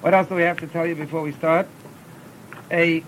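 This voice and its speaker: A man, teaching a class on chanting scripture. He stumbles and repeats words as he explains, and breaks into short chanted examples. A faint rumble hums under the recording. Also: fairly quick. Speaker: teacher of Torah cantillation. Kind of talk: classroom lesson.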